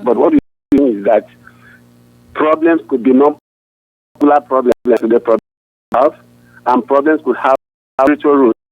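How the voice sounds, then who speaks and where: A man, a pastor, answering interview questions in an earnest, halting way with frequent restarts. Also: mid-range voice, no room sound. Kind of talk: answering questions over a phone line. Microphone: phone. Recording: tinny dry phone line.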